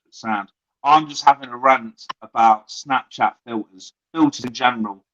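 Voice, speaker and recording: A man's voice: mid-range voice, a bit bright. A man co-hosting a casual podcast, ranting and mocking with plenty of swearing. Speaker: co-host. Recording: dull lo-fi sound.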